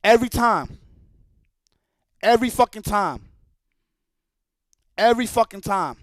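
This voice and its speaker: A man's voice: high-pitched, animated, measured pace, no room sound. A man streaming live, ranting in a profane, heated and repetitive way. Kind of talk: livestream rant.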